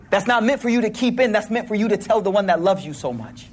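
A man's voice: high-pitched, expressive, quick pace, few pauses, slightly rough. A man preaching a sermon to a congregation in a hall, talking in a casual, slangy way with playful asides.

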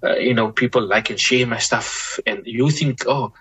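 Husky, forceful man. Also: medium pitch, rough recording. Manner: measured, repeats words while thinking, gently preachy. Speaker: Muslim scholar guest. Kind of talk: reflective podcast conversation.

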